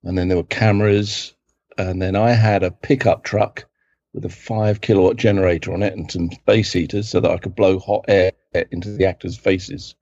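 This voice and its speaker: A man's voice: low-pitched, flat delivery, normal speed, a little mellow, no room sound, dull audio. A middle-aged man from England with a London accent, a guest telling rambling film-set stories and correcting himself as he goes. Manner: rambling, self-correcting, acts out quotes in other voices. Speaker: guest, film assistant director. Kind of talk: casual anecdotal storytelling.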